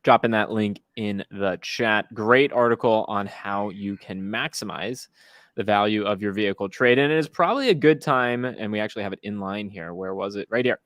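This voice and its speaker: A man hosting a casual live-stream chat, upbeat and quick with promotional patter. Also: fairly low pitch, no echo, studio quality. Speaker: host.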